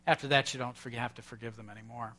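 A pastor giving a sermon before communion, talking conversationally, asking rhetorical questions and restarting phrases. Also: male voice, mid-range voice, fairly even intonation, fast talker, pushed and bright.

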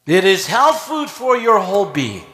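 A man preaching a sermon in a folksy, animated way, swinging from loud emphasis to hushed asides. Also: high voice, measured pace, echoey room.

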